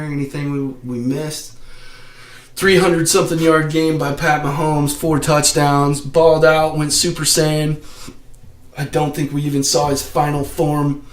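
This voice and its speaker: Excitable man chatting on a podcast stream. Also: fairly high pitch, unhurried. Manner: excitable, laughing, slangy. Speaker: podcast host. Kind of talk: casual live-stream sports chat. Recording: roomy echo.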